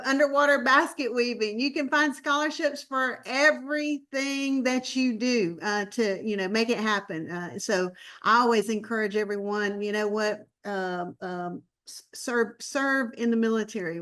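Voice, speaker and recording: A woman's voice: on the high side, fairly bright tone. A woman in her fifties with a North Carolina Southern accent, speaking as a guest in a bubbly, chatty way. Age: 50s. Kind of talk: casual online presentation.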